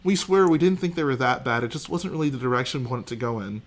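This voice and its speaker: A man's voice: medium pitch, expressive, fast, lightly acted. A man doing a light impression of a woman studio executive, sweetly apologetic and patronizing. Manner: overly sweet, falsely apologetic.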